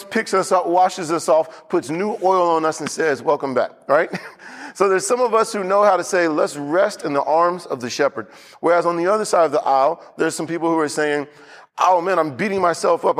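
A man with a somewhat high voice gives a relaxed, off-the-cuff sermon as the pastor. He talks to the congregation directly, stopping to correct himself and circling back to repeat key phrases. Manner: loose, unscripted preaching with restarts and asides.

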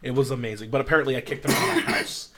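A man's voice: mid-range voice, very fast, over a noisy crowd. A young man hosting a podcast, telling a story in casual chat, rambling and profane with lots of fillers. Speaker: podcast host.

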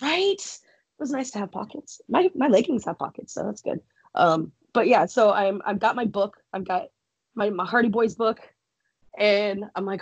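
A young woman talks casually on a podcast, swearing freely and breaking into laughs as she tells her story. Her voice is husky and slightly breathy. It is recorded close and dry, with no room sound. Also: mid-range voice, animated, normal speed, no room sound, dull audio. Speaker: podcast guest, wrestler.

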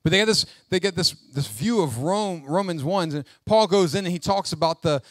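A man, a pastor, preaching a sermon with emphatic swings between loud exhortation and hushed asides. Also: high voice, a little fast, dry recording.

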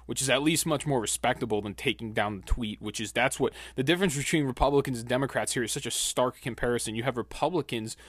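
A man's voice: mid-range voice, fast, hardly any pauses, a bit bright, slightly rough, no echo. A man hosting a podcast, giving heated, indignant opinion commentary. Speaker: podcast host.

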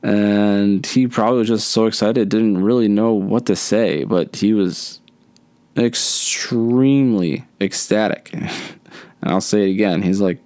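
A man's voice: lowish voice, measured pace, mellow, no room sound. A man in his thirties hosting a solo podcast, chatting in a rambling, easygoing way with many fillers. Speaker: podcast host. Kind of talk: casual solo podcast chat.

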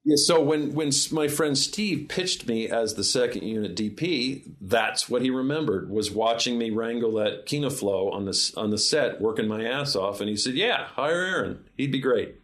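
A man's voice: medium pitch, moderate pace, few pauses, fairly bright tone. A man, a film director guest, telling long behind-the-scenes anecdotes in a casual interview, often restarting his sentences. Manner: rambling anecdotes with many restarts.

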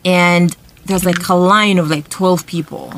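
Lively woman telling a story. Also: lowish voice, a little slow, slight background noise. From Uganda. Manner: lively storyteller, keeps asking "right?" and laughs often. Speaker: podcast co-host. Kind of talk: casual group chat, personal storytelling.

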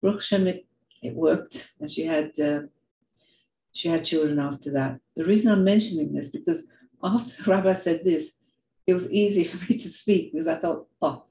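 An older woman giving a heartfelt personal talk, telling stories in an earnest, animated way and often repeating words. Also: lowish voice, normal speed, echoey room, slight background noise, rough recording. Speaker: speaker sharing reflections.

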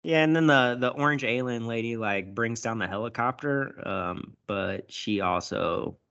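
A man casually recapping a movie, animated and profane, acting out lines as he goes. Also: mid-range voice, measured pace, clear, resonant tone. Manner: animated, swears a lot, acts out lines. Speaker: podcast host recapping a movie. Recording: dull lo-fi sound.

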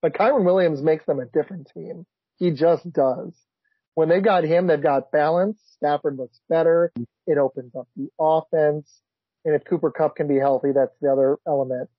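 Male podcast host, husky and a bit high, excitable; dry, dull lo-fi audio. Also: normal speed, no room sound. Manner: excitable, blurts reactions, laughs often. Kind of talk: casual sports chat.

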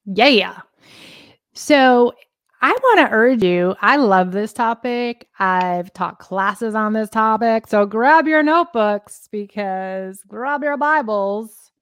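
A woman's voice: on the high side, slow pace, no room sound, clean studio sound. A woman co-hosting a casual faith podcast, teaching with laughter and self-mockery. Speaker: podcast host.

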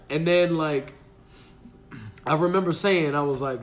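A man's voice: a little high, a little slow. A man on a casual podcast, telling a story with lots of laughter and acted-out quotes. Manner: animated, laughs often, acts out quotes. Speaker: podcast guest.

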